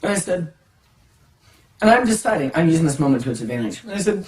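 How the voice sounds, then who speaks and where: A storyteller telling a funny childhood story in a casual, dramatic way, jumping from hushed asides to excited outbursts. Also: medium pitch, fast, pauses often. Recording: echoey room, distant mic, faint music.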